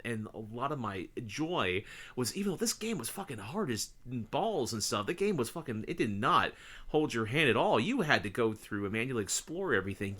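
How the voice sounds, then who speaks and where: A man co-hosting a casual podcast, with a voice of ordinary pitch for a man. He tells long, excited stories and peppers them with swearing. His talk rambles, full of fillers and restarts. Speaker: podcast co-host. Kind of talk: casual chat.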